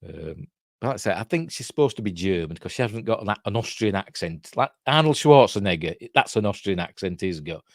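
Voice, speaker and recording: Chatty Yorkshire man with a lively voice. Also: lowish voice, brisk, no room sound, studio quality. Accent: Yorkshire English. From Yorkshire, England. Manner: rambling, chatty, reads and answers live chat. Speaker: host. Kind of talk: casual film commentary with live chat.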